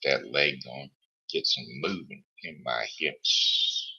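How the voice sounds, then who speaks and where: A very low-pitched man with a gravelly rasp hosts a live stream in a slow, rambling, self-deprecating chat. His voice has a hard, bright edge, and it arrives through dull lo-fi stream audio. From Missouri, United States. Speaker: host of a live show.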